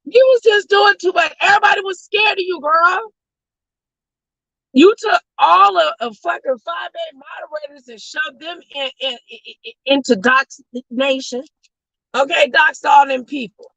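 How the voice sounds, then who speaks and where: A woman hosting an online talk show, ranting loudly and profanely in sassy commentary, often shouting. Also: sits high, moderate pace, gravelly, no room sound, poor audio. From West Coast of the US. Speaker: host.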